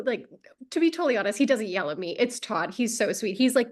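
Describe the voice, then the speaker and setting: Animated woman host, lightly high voice. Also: brisk. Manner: animated, laughing, quotes her partner. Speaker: podcast host. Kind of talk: casual chat.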